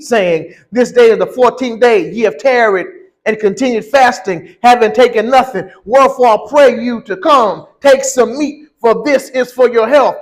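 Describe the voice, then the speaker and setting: A man preaching a sermon, reading scripture and then building to slow, emphatic shouted lines. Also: very high voice, low-quality recording.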